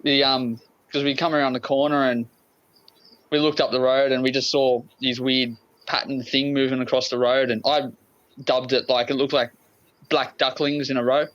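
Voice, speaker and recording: A man's voice: medium pitch, level tone, normal speed, fairly bright tone. An Australian man, a podcast guest, telling a story in a laid-back, enthusiastic way. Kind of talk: casual storytelling. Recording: dull, lo-fi remote audio.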